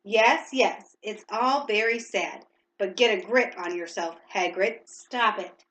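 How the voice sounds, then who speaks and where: A woman reading aloud and voicing a strict older witch teacher who talks briskly and scolds. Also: mid-range voice, fairly bright tone, roomy sound, poor audio. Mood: stern.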